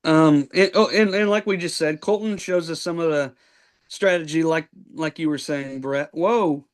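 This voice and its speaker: A man's voice: a little high, normal speed. A man hosting a podcast, recapping a reality show in casual chat with plenty of ums and likes. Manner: rambling play-by-play recap with many ums and likes. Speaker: podcast host.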